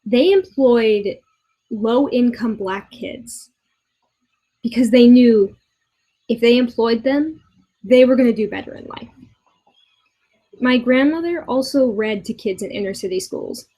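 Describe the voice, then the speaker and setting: The poor audio captures a woman in her twenties with a somewhat high, dark-toned voice. Recording a commentary video at her boyfriend's house, this vlogger rants in exasperation, swears often, and halts with many restarts.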